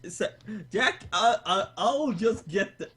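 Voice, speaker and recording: A man taking part in a tabletop game as a player, his voice a touch high. He laughs often and trips over his words. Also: expressive, takes it slowly, a bit bright, husky. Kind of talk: casual tabletop role-play.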